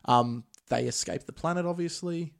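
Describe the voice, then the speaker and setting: A man casually recapping a film plot as podcast host, relaxed and chatty. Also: a little high, normal speed, vocal fry. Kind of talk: casual movie recap chat.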